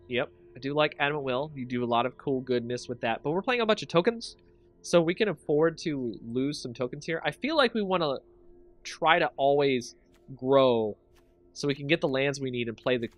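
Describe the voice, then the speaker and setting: Excitable man chatting through a card draft. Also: medium pitch. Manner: excitable, chatty, thinks aloud and laughs a lot. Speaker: streamer and channel host. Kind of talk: casual game commentary with chat.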